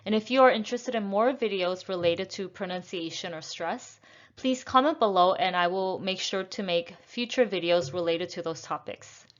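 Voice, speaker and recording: A woman teaching English pronunciation, speaking deliberately and repeating words with the stress shifted. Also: medium pitch, highs cut off. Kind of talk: slow, careful pronunciation lesson.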